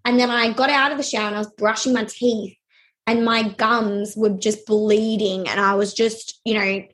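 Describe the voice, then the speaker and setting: A young adult woman telling a personal story in a halting way, with many fillers and restarts. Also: medium pitch, steady tone, fairly bright tone.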